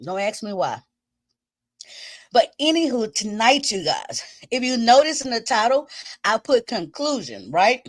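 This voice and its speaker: A high-voiced woman hosts a home livestream in a chatty, loose way. She greets her viewers by name and laughs often, and she sounds slightly winded. Her voice is recorded close and dry, with no room echo. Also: big pitch swings, measured pace, pauses often. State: a little winded. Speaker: host of a livestream commenting on trials. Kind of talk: casual livestream chat with viewers.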